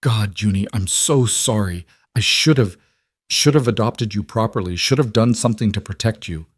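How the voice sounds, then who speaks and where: A man voicing a struggling rancher who speaks in a flat, defeated way. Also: fairly low pitch, normal speed, breathy edge, dry recording, clean studio sound.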